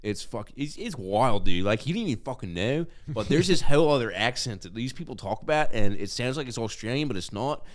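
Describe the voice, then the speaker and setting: A man's voice: mid-range voice, lively intonation, fairly quick, few pauses. A man co-hosting a casual podcast chat, rambling, swearing and laughing often. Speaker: podcast co-host.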